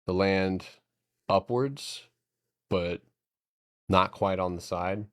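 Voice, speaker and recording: A man with a deep, low voice talks through stock charts on a live stream, cursing casually and cracking jokes between setups. The sound is dry and close, as if from a desk mic with no room around it. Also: extremely slow, fairly bright tone, dry recording. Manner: profane, joking, thinking aloud.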